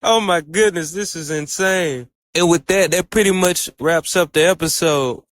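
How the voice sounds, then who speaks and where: A man with a slightly raised pitch gives a casual, excitable story recap. He retells the plot in a loose, chatty way and slips into quoted dialogue for each character as he goes. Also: moderate pace, no room sound. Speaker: anime reviewer.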